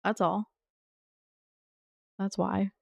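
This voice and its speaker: A woman's voice: mid-range voice, flat delivery, drawn-out words, creaky, darkish tone, no room sound, clean studio sound. A woman game streamer chatting casually with her viewers in a playful, teasing way and laughing often. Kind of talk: casual live-stream chat.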